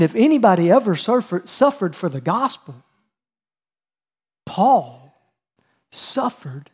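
A man's voice: on the high side, darkish tone. A man preaching a teaching sermon, reading scripture and calling on his listeners to answer aloud. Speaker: preacher leading a Bible study.

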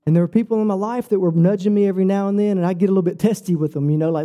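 Male preacher, high but very mellow and dark voice, earnest testimony-style sermon. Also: rapid-fire, few pauses. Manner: earnest, personal storytelling with lively shifts in pitch.

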